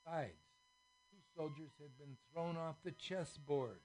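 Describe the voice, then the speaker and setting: A man reads a children's story aloud on a radio show, acting out the characters expressively and varying his loudness a lot. His voice is fairly high and his pace measured, with soft background music behind him.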